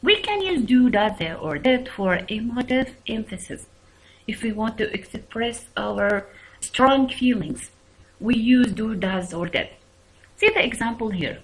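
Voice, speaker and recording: A woman teaching an English grammar lesson. Her pitch moves a great deal as she reads out example sentences, repeating them to drive each point home. Her delivery is clear and methodical, like a classroom teacher's. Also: animated, unhurried, low-quality recording. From Arab world.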